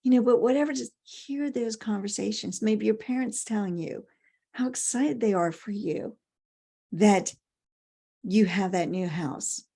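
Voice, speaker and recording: A woman's voice: medium pitch, measured pace, gravelly, mellow, breathy edge. A middle-aged woman giving a motivational talk, emphatic, repeating key phrases and asking rhetorical questions. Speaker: motivational speaker.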